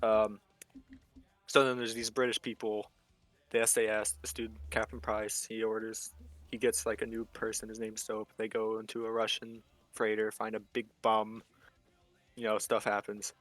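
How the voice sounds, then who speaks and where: A man's voice: fairly low pitch, monotone, normal speed, a bit bright, dry recording. A young man casually explaining a game's story, stringing events together with "and then". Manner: rambling, chains events with "and then". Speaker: explainer of game lore. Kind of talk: casual chat.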